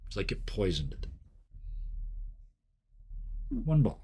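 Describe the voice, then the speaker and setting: A man's voice: on the low side, sing-song, slow, mellow, slightly rough. A man running a tabletop game as game master, narrating combat in a casual, joking way and sniffing between phrases.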